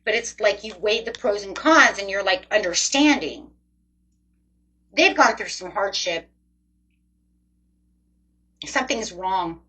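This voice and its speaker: A woman reading tarot cards for her viewers, her voice at a middle pitch. She talks in a chatty, emotive way and speaks straight to the listener. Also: animated, slow, pauses often, pushed and bright, low-quality recording. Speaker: tarot reader. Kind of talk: casual tarot reading monologue.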